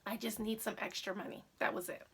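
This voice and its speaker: A woman who works as an independent accessories consultant, telling her story in a chatty, animated way. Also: mid-range voice, quick pace, gravelly, a little hiss or hum. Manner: chatty, animated, says "literally" often. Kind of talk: casual storytelling vlog.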